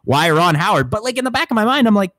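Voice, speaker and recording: A man's voice: high-pitched, quick pace, no echo. A young man co-hosting a casual movie review podcast, ranting with lots of swearing and laughter. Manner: profane, laughing, animated ranting. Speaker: podcast co-host.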